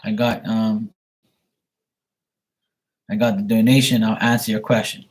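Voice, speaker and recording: A man's voice: lowish voice, flat delivery, unhurried. Man, middle-aged, tarot reader, profane, blunt, ranting, casual livestream.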